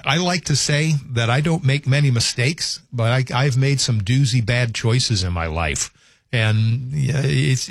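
A male radio talk host speaks into a studio microphone. He talks loosely and rambles, with frequent restarts. The sound is close and dry, at a middling pitch. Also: dry recording.

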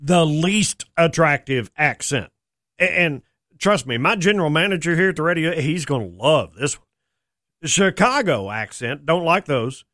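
Folksy joking country radio DJ, high and lively. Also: male voice, normal speed, dry recording, clean studio sound. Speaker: radio host. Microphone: studio microphone.

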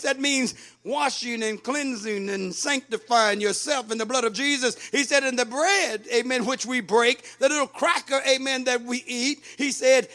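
A man preaching a sermon, reading and explaining scripture, building up to emphatic shouts. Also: very high voice. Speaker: pastor.

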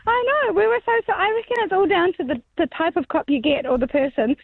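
A woman's voice: very high voice, very animated, quick pace, creaky, no room sound. A woman calling into a radio show, telling a chatty story over the phone. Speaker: caller. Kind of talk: telling an anecdote on air. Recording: tinny phone line.

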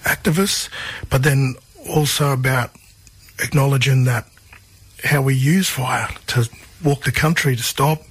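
An Australian man, a musician guest, telling stories in a relaxed conversational way, often restarting and repeating phrases. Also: mid-range voice, unhurried, breathy edge.

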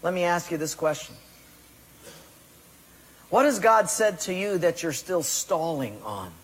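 A man's voice: fairly high pitch, animated, unhurried, breathy edge. A man preaching a sermon and asking the congregation direct questions. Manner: asks the congregation questions, tells a joke with acted voices. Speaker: pastor. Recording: echoey hall reverb.

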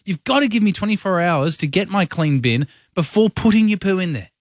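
A man's voice: high-pitched, lively intonation, fairly quick, no room sound, clean studio sound. A man co-hosting radio, cutting in with jokes. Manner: jokey, interjecting. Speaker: radio co-host. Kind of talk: radio chat banter.

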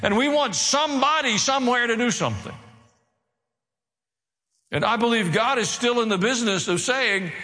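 A pastor preaching a sermon, with wry asides, building to raised, emphatic delivery. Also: male voice, very high voice, lively intonation, normal speed, pauses often, sharp tone. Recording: long hall reverb.

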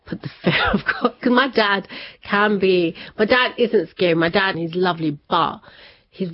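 A woman, a guest telling a personal story in an interview, animated and laughing often. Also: medium pitch, normal speed, lo-fi sound. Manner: animated, laughs often, acts out family members' words.

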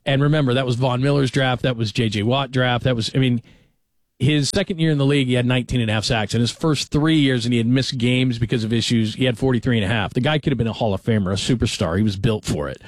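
A middle-aged man hosting late-night sports talk radio, lively and chatty as he moves from topic to topic. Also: medium pitch, no room sound, clean studio sound. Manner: lively, chatty, fast-moving delivery. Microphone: studio microphone.

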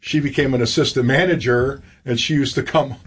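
A man's voice: mid-range voice, steady tone, brisk, slightly rough. Casual middle-aged man telling stories. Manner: casual, chatty, with filler words. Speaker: interview guest, veteran. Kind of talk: interview conversation.

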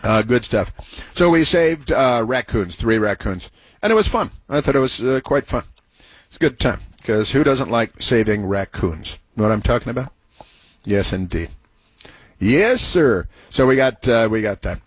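A man's voice: mid-range voice, animated, moderate pace, breathy edge, no echo. A man hosting a talk radio show, telling stories in a rambling way with many restarts and giving blunt opinions.

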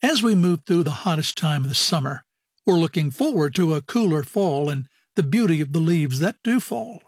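A man reading a scripted broadcast outro. His voice is husky and fairly high. The sound is dry and close. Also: lively intonation, normal speed, darkish tone, dry recording. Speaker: radio program announcer.

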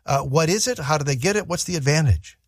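A man co-hosting a radio program, talking upbeat and spelling out web and email addresses slowly. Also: a little high, animated, no echo, clean studio sound. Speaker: radio co-host and announcer. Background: faint music.

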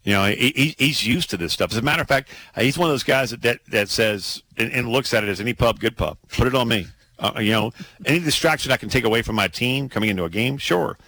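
A man hosting a casual sports talk show, excitable and laughing, with many restarts. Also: medium pitch, fast, no echo, low-quality recording.

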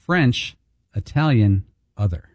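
Low mellow guy on sports radio, deadpan jokes, dry studio. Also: takes it slowly, dry recording. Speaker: radio show regular. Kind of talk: casual sports radio banter.

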